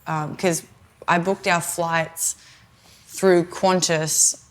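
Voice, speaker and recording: An Australian woman with a slightly low voice chats casually on a podcast. She rambles through her stories, piling on "like" and acting out what people said. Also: little pitch movement, drawn-out words. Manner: chatty storytelling with lots of "like". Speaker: podcast co-host. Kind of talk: casual chat.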